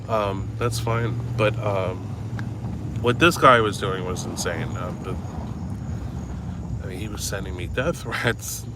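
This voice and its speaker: A man's voice: fairly low pitch, takes it slowly, long pauses. Profane rambling man on a noisy street. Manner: rambling, profane, cynical, lots of ums. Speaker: vlogger. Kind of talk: casual chat. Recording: loud street noise. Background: traffic and street noise.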